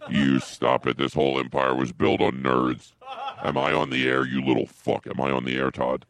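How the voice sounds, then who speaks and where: A man doing a raging celebrity caller who snarls threats and insults down the line. The voice is extremely deep, rough and gravelly, delivered on a flat, monotone growl. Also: brisk, full character voice. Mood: furious. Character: furious foul-mouthed male celebrity prank caller.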